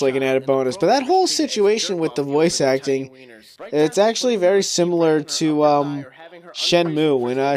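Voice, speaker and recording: Young guy, slightly high voice, animated profane rant over gameplay commentary. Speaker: commentator on his own video review. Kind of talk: casual commentary.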